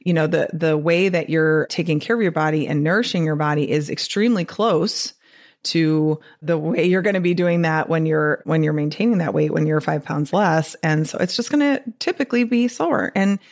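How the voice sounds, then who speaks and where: A woman's voice: deep voice, moderate pace. A woman from the Midwest with a Wisconsin accent, hosting a podcast in a chatty, upbeat way and laughing often. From American Midwest. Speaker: podcast host. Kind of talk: casual solo podcast talk.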